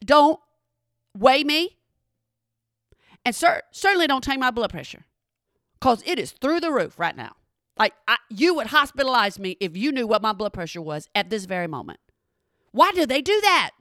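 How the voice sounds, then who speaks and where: A woman telling a funny personal story in an animated, exasperated way, talking straight to her listeners. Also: medium pitch, a little fast, dry recording, clean studio sound. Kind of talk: comedic storytelling monologue.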